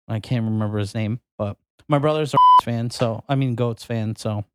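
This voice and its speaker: A man's voice: medium pitch, moderate pace, very noisy. A young man co-hosting a podcast, laid-back and joking in casual chat. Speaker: podcast co-host.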